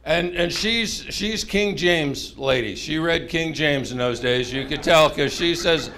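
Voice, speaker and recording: A man's voice: a little high, measured pace. A man preaching a humorous mini-sermon to a chapel congregation, telling stories animatedly with voices. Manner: animated, jokey storytelling with voices.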